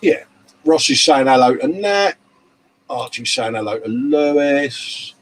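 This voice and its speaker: A man's voice: medium pitch, animated, unhurried, poor audio. A man hosting a casual live show, reading out viewer comments in a matey, chatty way. He is tired from lack of sleep. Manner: chatty and matey, calling viewers mate and love. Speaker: live-stream show host. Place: hobby workshop bench.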